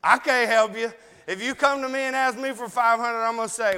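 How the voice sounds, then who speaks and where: A man's voice: very high voice, fairly even intonation, fairly quick, sharp tone, clear, resonant tone, in a large hall. A man preaching a sermon, earnestly pleading with his congregation. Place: church.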